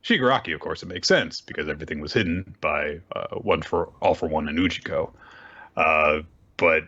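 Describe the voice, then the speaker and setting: A man's voice: a bass voice, fairly quick, dull audio. A man co-hosting a casual chat, animatedly retelling scenes and acting out the quoted lines. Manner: animated storyteller who acts out quoted lines. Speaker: podcast co-host recapping manga.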